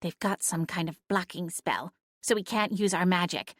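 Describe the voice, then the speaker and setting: A sharp-tongued female cat familiar barks out blunt, scolding orders, as a woman narrator puts her on. The storybook voice sits in a dry, close recording with no room around it. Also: lowish voice, normal speed, no room sound. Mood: urgent hissing.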